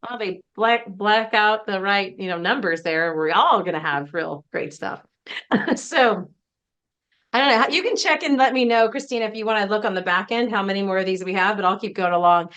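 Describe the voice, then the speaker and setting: A woman's voice: medium pitch, moderate pace, a bit bright, smooth, muffled recording. A woman business coach presenting a casual webinar, chatty and emphatic, often laughing between points.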